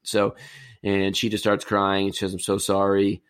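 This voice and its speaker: A man's voice: low-pitched, monotone, normal speed, clear, resonant tone, dry recording, studio quality. A man in casual chat, retelling a movie plot in a rambling, easygoing way.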